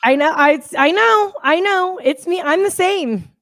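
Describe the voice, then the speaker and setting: A woman's voice: very high voice, animated, a little slow, fairly bright tone. A woman co-hosting a casual chat show, telling stories in a blunt, fiery way. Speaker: co-host.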